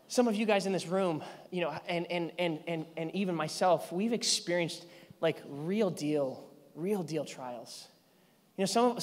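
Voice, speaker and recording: A man in his thirties, a pastor preaching a sermon, telling a story with lively energy, sometimes yelling and laughing. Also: fairly high pitch. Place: large church hall. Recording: church hall reverb.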